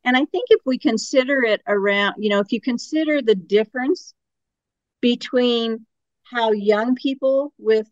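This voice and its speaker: A woman's voice: fairly high pitch, unhurried, dry recording. A woman guest on an interview, explaining her ideas earnestly and building her points through strings of questions. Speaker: guest expert on active aging. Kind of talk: conversational interview. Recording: slightly dull lo-fi audio.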